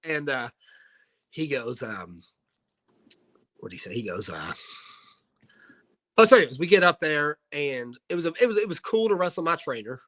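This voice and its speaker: Bright-voiced man telling wrestling stories. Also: on the high side, normal speed, long pauses, rough recording. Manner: animated anecdote-telling, acting out quoted dialogue. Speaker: guest, professional wrestler. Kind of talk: casual storytelling in an interview.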